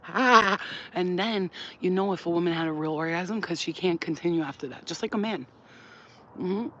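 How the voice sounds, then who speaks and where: Frank, animated woman vlogger. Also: on the low side, normal speed, highs cut off, a little hiss or hum. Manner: frank, animated, laughing often, acting things out with sounds. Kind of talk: casual to-camera chat. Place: at home while cooking.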